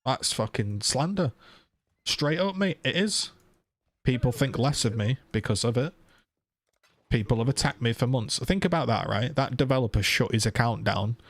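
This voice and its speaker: A man's voice: medium pitch, lively intonation, moderate pace. A man streamer ranting heatedly to his viewers, swearing and firing off rhetorical questions. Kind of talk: casual live-stream rant.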